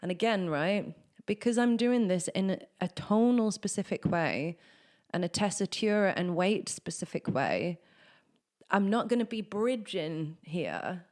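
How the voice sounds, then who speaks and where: A woman's voice: medium pitch, animated, measured pace, darkish tone. A woman teaching singing, chatting through technique and breaking into sung exercises. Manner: chatty, explains then sings vocal exercises. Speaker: vocal coach. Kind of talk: singing lesson with demonstrations.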